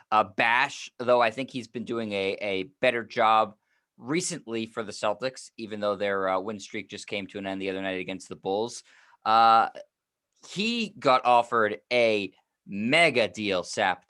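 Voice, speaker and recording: Man, low voice, podcast co-host, casual sports chat, wry, joking asides. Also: sharp tone.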